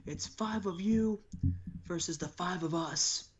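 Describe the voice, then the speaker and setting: A man doing a furious wrestler's shouted promo. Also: high voice, slow, voice pushed up. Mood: defiant. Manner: shouty, raised and declamatory. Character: furious male wrestler cutting a defiant promo.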